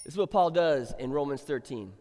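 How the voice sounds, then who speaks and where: Man, middle-aged, pastor, sermon, slightly high voice, chatty to emphatic, reverberant church hall. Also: lively intonation, brisk, background noise. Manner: conversational, builds to emphatic exhortation. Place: church sanctuary.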